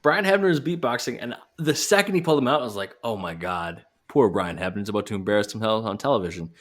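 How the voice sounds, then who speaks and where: A man's voice: fairly low pitch, lively intonation, quick pace. A man co-hosting a casual podcast, joking and swearing as he talks about wrestling matches. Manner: joking, swearing, quotes wrestlers in put-on voices. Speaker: podcast co-host.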